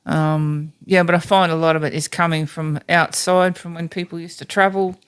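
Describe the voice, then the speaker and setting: A woman's voice: fairly low pitch, level tone, moderate pace, clear, resonant tone. A woman chatting as a podcast guest, hesitant and full of fillers. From Australia. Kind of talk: casual chat.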